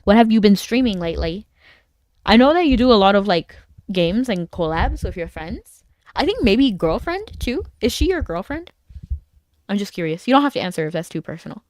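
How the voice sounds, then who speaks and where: A chatty woman streamer talks casually to her viewers while she plays a game, her slightly high voice rising and falling in a very lively way. She rambles through stories and laughs often. The sound is close and dry, with almost no room echo. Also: moderate pace. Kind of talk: casual chat while playing an online game.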